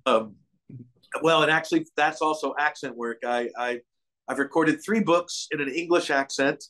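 A man's voice: on the high side, moderate pace, a bit bright. Older guy from kentucky, guest actor, just rambling on casually about his work. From Kentucky, USA. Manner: meandering, chatty storyteller. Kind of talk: casual interview chat.

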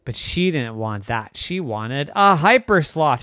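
A man improvising a bedtime story, playful and animated, his pitch rising and falling a lot. He takes his time with the words, and the sound is close and dry. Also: no room sound. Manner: playful, animated, drawn-out phrasing.

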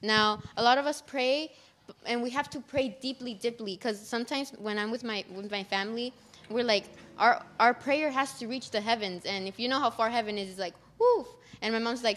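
A woman's voice: on the high side, moderate pace, fairly bright tone. A young woman sharing thoughts on faith in a casual group talk, earnest and conversational with a few fillers. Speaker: youth group member.

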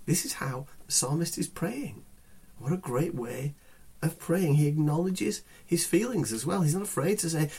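A man giving a devotional talk on a psalm as a pastor, earnest and unhurried, sometimes repeating words for emphasis. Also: a little high, animated, creaky, a little mellow, slightly rough. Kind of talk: devotional sermon.

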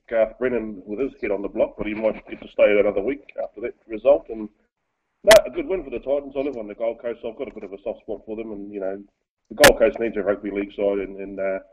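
A man calling in to a sports talk show to give blunt, joking opinions on rugby league. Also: lowish voice. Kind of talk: sports commentary chat. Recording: tinny phone line.

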